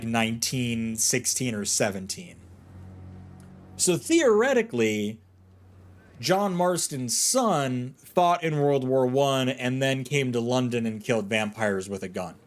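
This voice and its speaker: A man casually commentating a game he is playing, jokey and playful with puns. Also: medium pitch. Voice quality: jokey, playful, given to puns and silly voices. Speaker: gaming streamer. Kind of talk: casual let's-play commentary.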